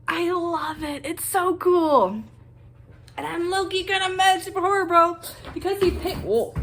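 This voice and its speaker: A young woman with a high voice, talking straight to her viewers in a loose, rambling rant. She gushes and trails off mid-sentence, full of fillers and quick restarts. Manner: excitable, gushing, rambling with fillers. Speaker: vlogger. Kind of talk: casual reaction rant.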